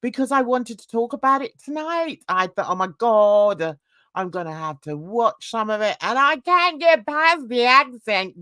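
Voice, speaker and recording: A woman's voice: fairly high pitch, animated, a little slow, sharp tone, dry recording, clean studio sound. A woman hosting a casual livestream chat, rambling and gossipy as she greets viewers in the chat by name. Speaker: livestream host.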